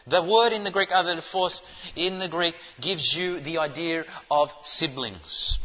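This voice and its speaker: A fairly high-pitched man preaches with emphatic insistence, firing rhetorical questions at his listeners. His voice rings out with a long reverb in a large hall. The sound is muffled and dull. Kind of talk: sermon.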